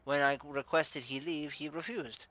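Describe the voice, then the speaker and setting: A man's voice: fairly high pitch, fairly even intonation, unhurried, fairly bright tone, dry recording, rough recording. A man voicing a shrewd, playful madam who runs her house with formal, teasing grace, in a put-on Russian accent. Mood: gracious. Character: shrewd playful female brothel madam, middle-aged. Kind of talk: tabletop game character voice.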